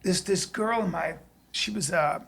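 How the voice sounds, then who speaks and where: A man's voice: sits high, measured pace, gravelly, fairly bright tone, husky. A man hosting a podcast, talking in a loose, rambling way with casual swearing. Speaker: podcast host. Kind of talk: casual conversation.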